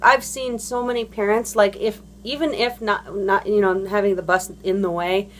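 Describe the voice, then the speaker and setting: A woman's voice: medium pitch, fairly even intonation, moderate pace. A woman and parent ranting about other drivers in a casual, rambling monologue, blunt and profane, full of fillers and restarts. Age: adult parent. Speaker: vlogger.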